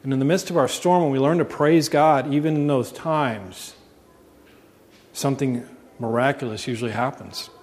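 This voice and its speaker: A man's voice: mid-range voice, normal speed, a little mellow. Earnest preaching man, long hall reverb. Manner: earnest preaching, asks the congregation questions. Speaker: pastor. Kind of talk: sermon.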